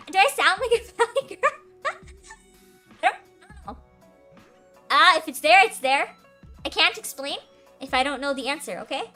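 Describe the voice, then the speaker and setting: A woman's voice: very high-pitched, bright, forceful tone. A young woman hosting a casual livestream Q&A, chatty and giggly, with lots of "like". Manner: giggly, chatty, says "like" a lot. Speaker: streamer hosting a Q&A. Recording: faint background music.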